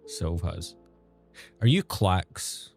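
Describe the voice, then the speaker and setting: Man, low-pitched, live-stream chat, sarcastic, swearing, faint background music. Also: lively intonation, extremely slow, gravelly.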